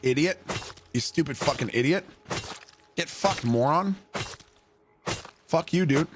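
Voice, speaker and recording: A man's voice: fairly high pitch, expressive, a little slow, music in the background. Profane, laughing streamer man. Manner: profane, laughing, swings into loud shouted impressions. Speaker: livestreamer. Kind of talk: casual storytelling while gaming.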